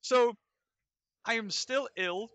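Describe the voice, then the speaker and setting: A man's voice: very high voice, takes it slowly, fairly bright tone, no room sound. A young man streaming a game from a convention, rambling and joking with viewers. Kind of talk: casual live-stream chat. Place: convention venue.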